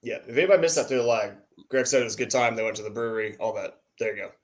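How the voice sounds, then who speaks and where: A man hosting a casual show over a video call, briefly recapping for listeners in a relaxed way. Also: on the low side, very fast. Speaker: host.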